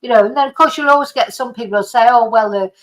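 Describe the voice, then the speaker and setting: A woman's voice: a little high, racing, a bit bright, poor audio. A middle-aged woman from Britain, hosting her own channel in a casual opinion monologue, indignant and rambling with frequent restarts. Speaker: channel host.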